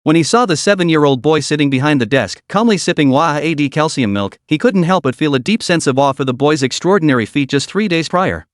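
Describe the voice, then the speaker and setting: A male narrator reads a scripted story recap in a fairly high voice. His delivery is dramatic yet steady. The sound is close and dry, with no room around it. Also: fairly quick, few pauses, no echo.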